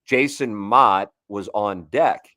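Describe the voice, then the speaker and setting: A man's voice: fairly low pitch, takes it slowly, pushed and bright, no echo, clean studio sound. A man in his forties, a sports radio guest, telling long rambling anecdotes with frequent restarts in a casual sports talk show.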